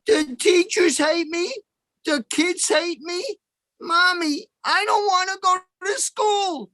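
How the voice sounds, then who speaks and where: A man's voice: very high-pitched, slow, pushed and bright, dry recording, pitched above the performer's own voice, full character voice. A man putting on a whiny grown man acting like a schoolboy. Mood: whining. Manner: whiny, pleading.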